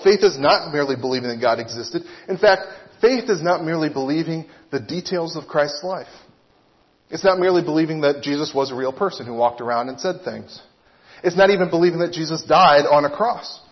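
A man's voice: fairly high pitch, highs cut off. Earnest preaching man in a reverberant hall. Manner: earnest, teaching with rhetorical questions. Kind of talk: sermon.

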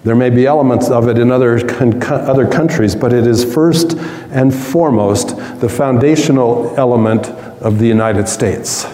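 A male pastor delivers a sermon in a relaxed, conversational way, turning to the room with asides. His voice has a mellow, dark tone. It carries through a large hall with long echo. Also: mid-range voice, normal speed. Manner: conversational, warm-humored preaching with asides.

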